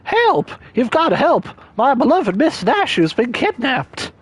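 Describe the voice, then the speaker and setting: A twitchy, flustered young stranger in a game, pitched high and bouncing all over, as a man puts him on. He rambles and trips over his own excuses. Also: big pitch swings, unhurried, husky, exaggerated voice. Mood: panicked. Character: jittery odd young male stranger.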